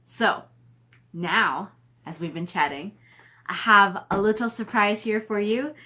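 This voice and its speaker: A woman's voice: medium pitch, takes it slowly, bright, forceful tone. A middle-aged woman chatting casually on a live stream from home, reading viewer comments aloud and cooing at her dog. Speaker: author hosting a live stream.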